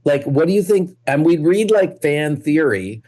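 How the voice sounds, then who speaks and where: A man's voice: on the high side, lively intonation, normal speed, mellow. A man, a guest television creator, talking casually and thoughtfully on a podcast, often circling back with restarts.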